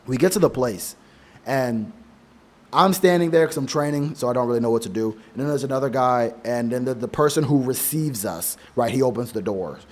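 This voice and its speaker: A man's voice: medium pitch, brisk, a little mellow. A young adult man in a casual monologue of advice, blunt and profane, rambling through anecdotes with many restarts. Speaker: men's advice vlogger.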